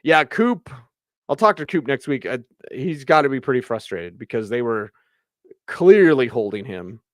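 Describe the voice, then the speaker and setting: Male sports radio host, excitable and chatty, smooth clear voice, dry close mic. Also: mid-range voice, no room sound. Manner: excitable, chatty, fast bursts. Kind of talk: live postgame show reading viewer comments.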